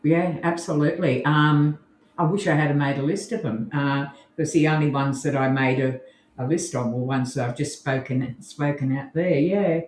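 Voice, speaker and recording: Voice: medium pitch, steady tone, normal speed. A tired podcast co-host in casual chat, thinking aloud and working through screen sharing. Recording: roomy room with faint noise.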